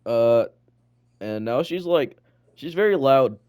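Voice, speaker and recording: A man's voice: medium pitch, animated, takes it slowly, a little mellow, clean tone. A teenage boy co-hosting a student podcast, telling rambling stories in casual chat full of "like" and swearing. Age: teens.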